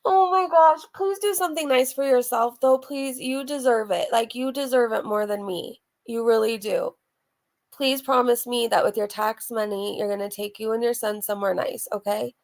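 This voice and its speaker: A woman's voice: a little high, moderate pace. A woman hosting a reaction commentary, chatty and gushing as she reads out live donations. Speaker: commentary channel host. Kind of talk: reaction commentary over a played vlog.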